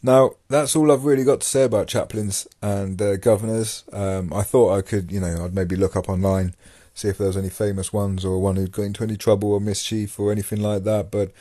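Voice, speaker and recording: A man's voice: on the low side, fairly even intonation, fairly quick, hardly any pauses, mellow, dry recording, clean studio sound. A man hosting a podcast, talking casually about his time in prison, rambling with many fillers and restarts. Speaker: podcast host and former prisoner. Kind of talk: casual monologue.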